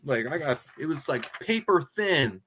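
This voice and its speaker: A man's voice: measured pace, a little hiss or hum. Giggly man reacting expressively. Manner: giggly, expressive, jumps up in pitch when reacting. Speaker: podcast co-host. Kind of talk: casual chat recapping a movie.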